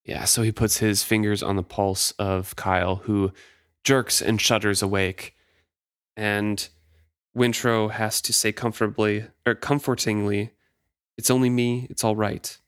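Low-voiced man discussing a book. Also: flat delivery, measured pace, fairly bright tone, clear, resonant tone, no room sound, studio quality. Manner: reads passages aloud then comments, laughs easily. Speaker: podcast co-host.

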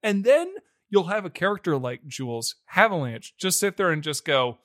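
Animated, swearing podcast host man. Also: high-pitched, normal speed, dry recording, clean studio sound. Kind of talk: casual movie-review chat.

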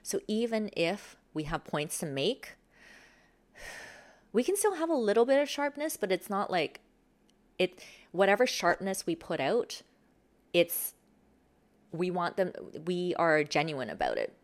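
A woman coaching on social confidence, explaining in a relaxed talk and acting out sample replies with sighs and laughs. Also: fairly low pitch, measured pace, pauses often. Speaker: self-improvement coach. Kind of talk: explanatory talk with acted example lines.

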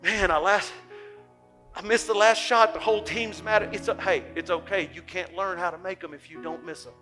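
An older man preaching a sermon, moving from quiet reflection to loud, impassioned urging. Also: high voice, steady tone, moderate pace, faint music behind. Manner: impassioned, swings from soft to loud. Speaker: pastor.

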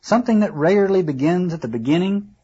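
A man's voice: high-pitched, expressive, quick pace, mellow, husky, heavily acted. A man voicing a fussy, proud old ship's carpenter who asks questions eagerly and grumbles about undignified work. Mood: indignant. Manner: eager questioning then indignant. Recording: slightly muffled lo-fi recording.

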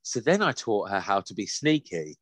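A man's voice: fairly low pitch, big pitch swings, moderate pace, dry recording. Crude, joking man. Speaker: podcast co-host. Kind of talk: casual chat.

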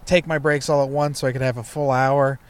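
A man's voice: mid-range voice, level tone, a little fast, clear, resonant tone. A young man, a stand-up comedian, telling a loose, profane story from his past in a casual chat, full of fillers like "you know" and "like". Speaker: comedian guest.

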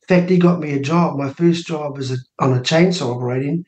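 A man in his sixties with a New Zealand accent, telling personal stories as a guest and acting out quoted dialogue in a lively voice. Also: a little high, quick pace. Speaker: interview guest, minor party co-leader. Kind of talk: animated personal storytelling. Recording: roomy studio echo.

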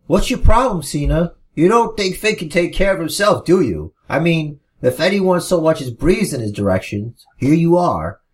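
A man's voice: medium pitch, sing-song, lightly acted. A man voicing an arrogant male wrestling villain, sneering and methodical. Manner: measured and methodical, then sneering.

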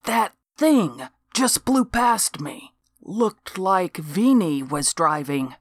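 A woman's voice: lowish voice, very animated, drawn-out words, dry recording, clean studio sound, full character voice. A woman reading the part of a blunt, weary small-town male police officer in an audiobook. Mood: exasperated.

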